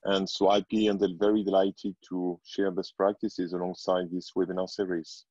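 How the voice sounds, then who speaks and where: A man's voice: low voice, level tone, normal speed, darkish tone, dry recording. A man introducing himself politely on a webinar, heard over a dry, lo-fi video call. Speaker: consulting CEO and webinar panelist.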